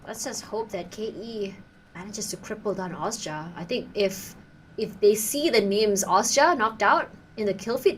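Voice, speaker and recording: A woman casting a mobile esports match live, in a bubbly, playful way. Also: mid-range voice. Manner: bubbly, playful, self-teasing. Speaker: esports caster. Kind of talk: live game commentary. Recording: faint background noise.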